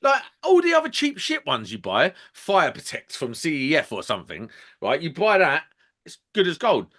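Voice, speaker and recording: A man telling a sweary, animated story as a podcast co-host. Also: a little high, normal speed. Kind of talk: casual chat, ranting anecdote.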